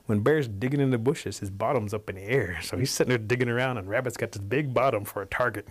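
Animated male folk storyteller. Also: fast, hardly any pauses. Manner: animated, changing pace and pitch for effect.

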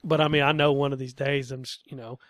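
A man co-hosting a casual podcast chat, speaking in a measured, hedging way, laughing along and swearing casually. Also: mid-range voice, level tone, dry recording, studio quality. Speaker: podcast co-host.

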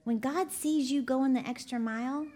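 A woman's voice: sits high, normal speed, dark tone. A woman preacher, giving a conversational sermon in a chatty, folksy storytelling manner, laughing often. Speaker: ministry CEO and preacher.

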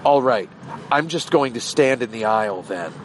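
A man's voice: mid-range voice, animated, normal speed, slight background noise, lightly acted, poor audio. A man quoting an irritated, curt older woman passenger in an anecdote, in a clipped, impatient way.

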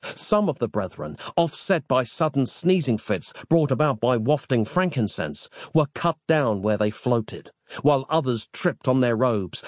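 Expressive male audiobook narrator. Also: medium pitch, no room sound, clean studio sound. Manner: expressive, theatrical storytelling.

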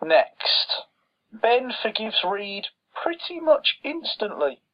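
A man's voice: high voice, wildly swooping pitch, extremely slow. A man with a slightly raised voice rants sarcastically about a film's plot holes. He sounds exasperated and mocks the characters as he goes. The audio is dull and lo-fi. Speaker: podcast co-host. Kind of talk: casual film critique chat.

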